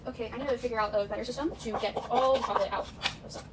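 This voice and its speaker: A woman's voice: fairly high pitch, steady tone, very fast. A young woman chatting casually as she bakes in her home kitchen, self-mocking and dropping bits of show tunes. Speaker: vlogger. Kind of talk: casual baking vlog chat. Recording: distant camera mic with noise.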